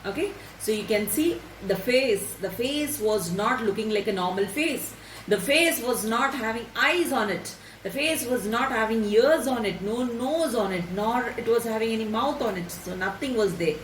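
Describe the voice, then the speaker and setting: A woman's voice: on the high side, expressive, moderate pace. A woman, teaching a story by reading it aloud and explaining it line by line, repeating herself and checking understanding with questions. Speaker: English teacher. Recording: roomy echo, distant mic, faint noise.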